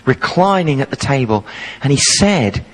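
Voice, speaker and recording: Lively, playful preacher in his forties. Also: medium pitch, unhurried, slightly rough, rough recording. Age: 40s. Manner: humorous storytelling, playful. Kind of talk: sermon.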